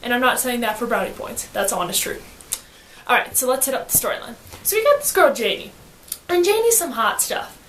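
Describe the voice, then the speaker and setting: Young woman vlogger, playful book recap; high, bright voice with a roomy echo. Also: sing-song, fairly quick, slight background noise. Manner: playful and slangy. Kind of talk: casual book review. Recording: echoey room.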